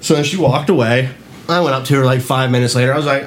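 A man's voice: medium pitch, fast. A man casually telling profane stories from his job on a podcast, acting out what people said. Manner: animated, swearing often, acting out quotes.

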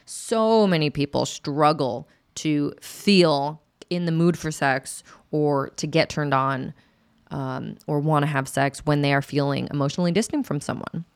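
A woman's voice: low-pitched, unhurried, clean tone, no echo, clean studio sound. A woman explaining sex and attraction in a candid, chatty way as an educator, acting out quotes with laughs. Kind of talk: casual educational talk to camera.

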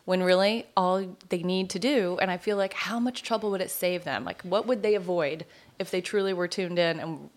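A woman's voice: fairly low pitch, normal speed. A middle-aged woman, a podcast guest, talking casually and reflectively about trusting your intuition. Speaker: podcast guest, pilates studio owner.

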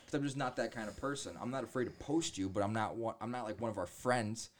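A man telling animated stories in casual chat, mimicking voices in quotes and swearing often. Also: on the low side, fast talker.

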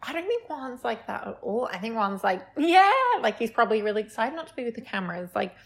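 A woman's voice: fairly high pitch, expressive, fast talker, creaky. A young Australian woman co-hosting a podcast, chatting casually with lots of fillers. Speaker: podcast co-host. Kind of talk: casual chat.

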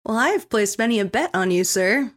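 Woman doing a smooth half-elf charmer. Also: on the high side, expressive, brisk, close to an everyday voice. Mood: charming. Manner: smooth, flirtatious. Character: charming silver-haired male half-elf.

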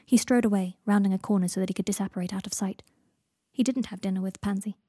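A woman, the author, reading her own story aloud in a calm, even manner. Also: medium pitch, quick pace, slightly rough, no room sound, clean studio sound. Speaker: author and reader. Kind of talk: storybook narration.

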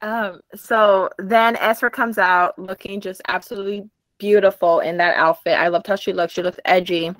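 A young woman co-hosting a podcast, telling a story in casual chat with lively acted-out dialogue and frequent laughter. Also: mid-range voice, normal speed, no room sound. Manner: animated storytelling, acts out quoted dialogue, laughs often. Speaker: podcast co-host. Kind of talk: casual chat recapping a TV show.

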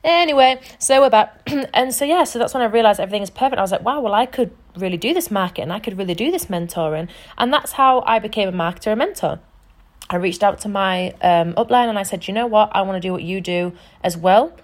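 A woman's voice: mid-range voice, animated, quick pace. A young woman talks straight to her podcast listeners in an unscripted motivational monologue. She is earnest and emphatic and swears freely, and her voice sits in an ordinary middle register for a woman. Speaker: podcast host and life coach.

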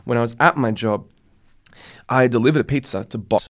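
A man's voice: medium pitch, brisk, music in the background. A young man, telling a story in a rambling casual podcast chat. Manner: rambling, lots of "like", laughs while telling. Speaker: podcast host.

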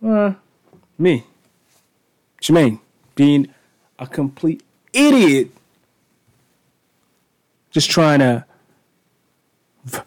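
A man's voice: on the high side, very animated, extremely slow, pauses often, a little mellow. Rambling, self-mocking man podcasting. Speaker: podcast host. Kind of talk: casual solo podcast monologue. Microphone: studio mic.

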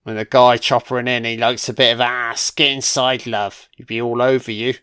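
A man's voice: mid-range voice, level tone, brisk, a bit bright, clean tone. Crude, swearing man. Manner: crude, swears freely, voices characters mockingly. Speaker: film commentator. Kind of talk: casual film commentary.

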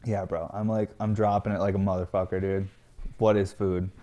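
Rambling, swearing man, lowish voice. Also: level tone, normal speed, warm tone. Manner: rambling, many fillers, swears freely. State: stressed. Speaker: glass studio owner. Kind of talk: candid casual vlog talk.

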